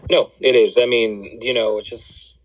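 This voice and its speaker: A man speaks as a podcast guest in a slightly husky, middle-pitched voice. His easygoing, agreeable chat comes through with dull, lo-fi sound. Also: steady tone, moderate pace. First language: not stated; immigrant. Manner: agreeable, fills with "you know" and "I mean". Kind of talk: casual chat.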